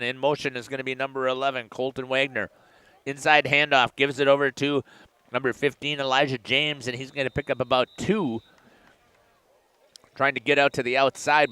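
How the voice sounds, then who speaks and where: A man doing play-by-play commentary for a local high school football game, getting louder and higher on big plays. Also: clear, resonant tone, dry recording. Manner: excited rising calls on big plays. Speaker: play-by-play announcer.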